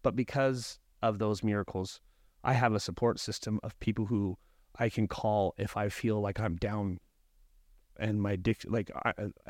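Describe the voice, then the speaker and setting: A man's voice: lowish voice, fairly even intonation, unhurried, a little mellow, no echo, studio quality. A man speaking as a podcast guest and life coach, talking in an earnest, reflective way with frequent restarts. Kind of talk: casual podcast conversation.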